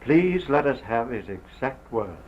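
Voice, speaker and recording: An actor playing a grave man calmly pressing a woman for her full account, in early sound-film acting on a muffled old recording. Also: mid-range voice, a little slow, slight background noise. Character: grave man questioning a witness.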